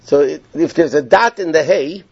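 A man's voice: a little high, moderate pace, darkish tone, husky, no echo. Explanatory male Torah teacher, lo-fi. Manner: explanatory, repeats points and checks in with "okay?". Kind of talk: Torah class, explaining text to students. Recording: dull, lo-fi and dry.

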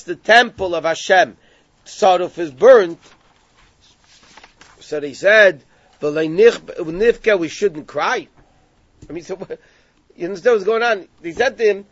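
A man with a high voice teaches a Gemara lesson, retelling the story and translating each Hebrew phrase as he goes. The recording is dry and a bit dull, with no room sound. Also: no room sound. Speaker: Torah teacher.

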